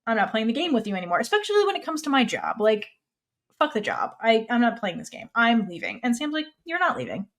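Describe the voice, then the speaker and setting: A woman co-hosting a podcast, casually recapping a TV episode in an animated way, swearing freely and acting out the characters' lines. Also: fairly high pitch, fast talker. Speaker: podcast co-host.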